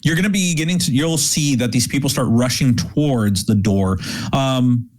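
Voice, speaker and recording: A man's voice: medium pitch, normal speed, darkish tone. A man running a tabletop game as game master, narrating loosely with many fillers and restarts.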